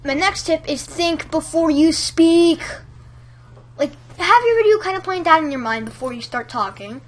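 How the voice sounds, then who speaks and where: A woman's voice: high-pitched, expressive, moderate pace. A woman giving casual tutorial tips in a chatty, rambling way, full of fillers. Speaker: YouTube commentator giving tips.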